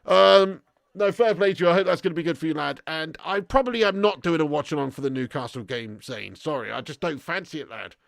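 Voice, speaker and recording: A man's voice: on the high side, quick pace, gravelly, hardly any pauses, no echo, studio quality. A tired man hosting a live football watch-along, reading viewer messages with sweary, blokey banter. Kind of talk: live stream chat reading super chats.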